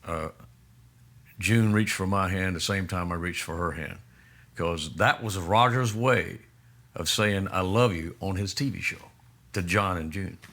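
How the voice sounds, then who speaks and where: A man with a Texas accent, telling a rambling story as a guest in a casual interview, with many halting restarts. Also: deep voice, a bit bright. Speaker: musician guest.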